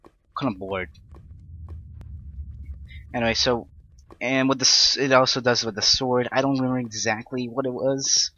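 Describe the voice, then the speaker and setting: A man's voice: medium pitch, steady tone, normal speed, pauses often, bright, forceful tone, lo-fi sound. A young man giving casual, rambling commentary on his own gameplay, self-deprecating and prone to sudden panicked outbursts. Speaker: Let's Play gamer.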